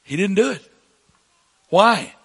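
A man in his sixties with a Southern American accent, preaching a sermon to his congregation, climbing to emphatic peaks and dropping to quiet asides. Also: sits high, lively intonation, slow pace, breathy edge, long reverb tail. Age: 60s. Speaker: pastor.

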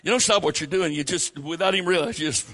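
Older man, Southern accent, bright ringing voice, fiery preaching, builds to loud high calls. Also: very fast. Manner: preaching, swells loud and high on key phrases. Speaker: pastor. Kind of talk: sermon.

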